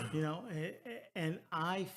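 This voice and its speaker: A man in his early sixties hosting a talk radio show, earnest and halting, repeating words as he goes. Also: a little high, fairly bright tone. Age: 60s. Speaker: radio host. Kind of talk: casual talk radio chat.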